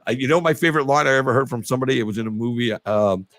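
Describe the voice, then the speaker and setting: A man hosts a loose, casual interview, circling his points with fillers and restarts. He swears freely and breaks into laughter often. His voice is mid-pitched and sits dry and close on the mic. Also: very fast, a bit bright, dry recording. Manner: rambling, profane, laughs a lot. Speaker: podcast host.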